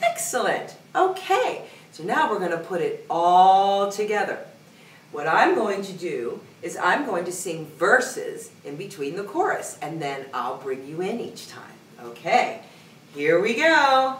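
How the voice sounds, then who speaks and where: A woman music teacher leading a singing lesson, singing short phrases and then coaching in a soft, brisk speaking voice. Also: on the low side, big pitch swings, a little hiss or hum. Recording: roomy sound from a distance, piano behind. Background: piano.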